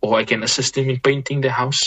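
A man, speaking as a Muslim scholar guest in a reflective conversation, measured and repeating words as he thinks. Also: medium pitch, fairly even intonation, a bit bright, slightly rough, low-quality recording.

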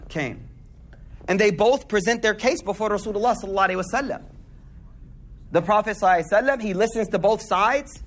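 A man delivers a casual sermon. He talks in loose slang, tells stories and keeps checking in with the audience. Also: high-pitched. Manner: slangy, conversational, asks the audience questions. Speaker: Muslim speaker giving a talk.

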